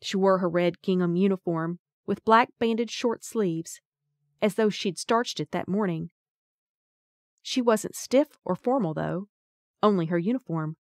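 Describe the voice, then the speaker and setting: A woman's voice: mid-range voice, measured pace, dry recording, studio quality. A woman narrating a first-person audiobook in a wry, folksy storytelling manner.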